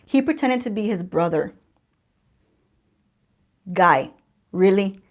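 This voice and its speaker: A woman's voice: medium pitch, expressive, slow pace. Chatty woman hosting a livestream. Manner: chatty, laughing, sarcastic. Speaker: beauty channel host. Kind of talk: casual livestream chat.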